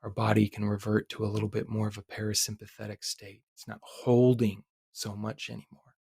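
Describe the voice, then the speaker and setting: A man in his thirties hosting a podcast, telling a personal story in a relaxed, candid way with occasional swearing. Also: on the low side, fairly quick, creaky, breathy edge, no room sound, clean studio sound. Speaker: podcast host.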